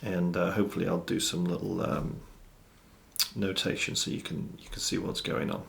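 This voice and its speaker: Low, gravelly drum teacher. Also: male voice, level tone, fairly bright tone. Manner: measured, methodical, counting out stickings. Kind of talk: instructional explanation. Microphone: studio mic with monitor system.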